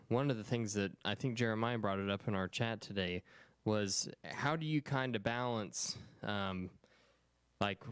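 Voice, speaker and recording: A man with a low, smooth, resonant voice co-hosts a podcast and puts measured, thoughtful questions to his guest. The recording is dry and close. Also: no echo. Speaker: podcast co-host. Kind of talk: interview questions.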